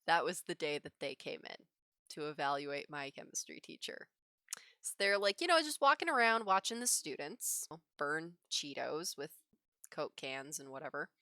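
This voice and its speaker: Livestreaming her digital drawing from a home setup, a woman with a low voice tells a casual story at a normal pace. She's animated and laughs often between phrases, and the recording is dry with clean studio sound.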